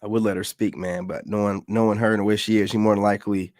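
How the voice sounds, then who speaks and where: A man's voice: fairly low pitch, level tone, fast talker, a little mellow, no echo, studio quality. A man hosting a reaction show, talking bluntly and with profanity. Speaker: commentary host. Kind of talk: casual reaction commentary.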